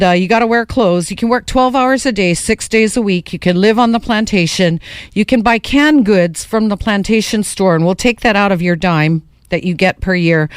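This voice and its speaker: Radio host putting on a slick plantation boss, smooth and clear, selling a lousy deal. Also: female voice, medium pitch, no echo, natural voice. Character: smug male plantation owner making a pitch.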